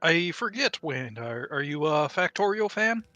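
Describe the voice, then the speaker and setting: A man's voice: on the high side, very animated, a little slow, bright, forceful tone, dry recording, faint music behind. A man casually chatting and joking with a fellow player during a game stream. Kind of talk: casual chat.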